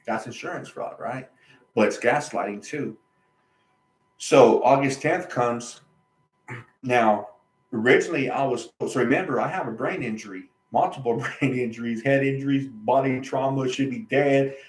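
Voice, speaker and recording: Animated man telling a personal story, echoey room. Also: mid-range voice, normal speed. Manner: animated, emphatic, repeats himself, colloquial. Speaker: channel host.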